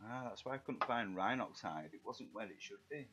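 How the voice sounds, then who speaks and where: A middle-aged man with a rough Yorkshire accent, chatting and bantering with viewers while he paints miniatures on a live stream. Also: on the low side, animated, fairly quick, bright, forceful tone. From England. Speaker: live-stream hobby host. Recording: dull lo-fi stream audio, faint music.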